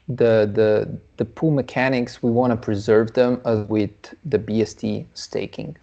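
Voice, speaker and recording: A man's voice: on the low side, a little mellow, muffled recording. A man co-hosting a casual livestream Q&A, speaking hesitantly with many fillers. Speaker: co-host.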